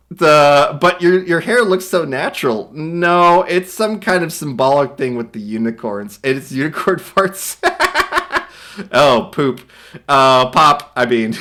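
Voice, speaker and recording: Giggly bright-voiced man streamer. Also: mid-range voice. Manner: laughs often, reads captions aloud with quick silly voices. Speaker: streamer reading viewer art aloud. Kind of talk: casual reaction commentary.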